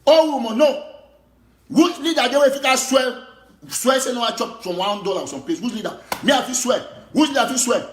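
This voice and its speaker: A man's voice: very high voice, fairly quick, roomy sound. A man with a Cameroonian Pidgin English accent, an activist giving an impassioned, repetitive political monologue.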